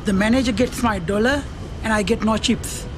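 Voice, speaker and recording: A man's voice: sits high, normal speed, over music, lightly acted. An actor playing an odd man who grumbles about chips and bluntly repeats one word, in a film comedy. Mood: grumbling. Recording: outdoor street noise, passing cars.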